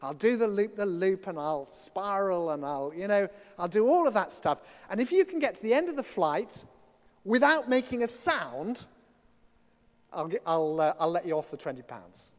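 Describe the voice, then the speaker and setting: A man's voice: sits high, big pitch swings, moderate pace. A man voicing a boastful daredevil stunt pilot during a sermon joke, in a church with long reverb.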